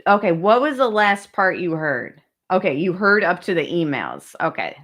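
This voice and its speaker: A woman's voice: on the low side, sing-song, normal speed, fairly bright tone. A woman hosting a casual livestream, chatting straight to viewers and reading documents aloud. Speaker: true crime channel host. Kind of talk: casual livestream case discussion.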